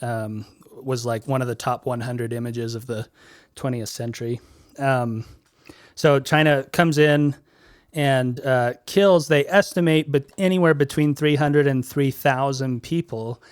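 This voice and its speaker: A man's voice: mid-range voice, steady tone, measured pace, clear, resonant tone, no echo, studio quality. A young man hosting a podcast, chatting casually and easily, with lots of "like" and "um". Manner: easygoing, heavy use of "like" and "um". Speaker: podcast host.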